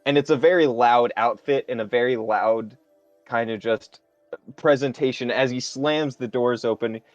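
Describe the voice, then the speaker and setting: A man narrating a tabletop game as game master, describing scenes in a halting, improvised way. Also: mid-range voice, dry recording, lo-fi sound, faint music behind.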